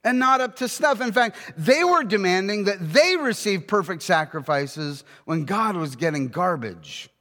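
A man preaching a sermon, emphatic, with rhetorical questions and slowing down to read scripture. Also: high voice, lively intonation, pushed and bright, long reverb tail.

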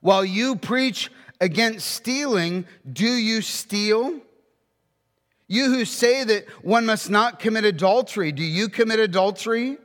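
Male preacher, high voice, emphatic rhetorical questions, slow scripture reading, long hall reverb. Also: a bit bright. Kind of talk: sermon.

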